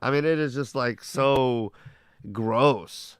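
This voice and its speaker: A man's voice: medium pitch, slow, clean tone, dry recording, studio quality. A male host giving profane, mocking commentary on news clips, talking bluntly and swearing freely. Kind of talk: profane, heated political commentary.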